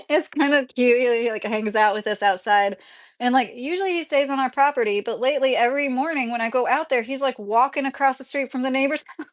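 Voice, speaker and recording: A woman in her thirties, live streaming to her viewers. Her voice sits a little high, and she chats loosely, often laughing as she reads out messages from the chat. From Kentucky, USA.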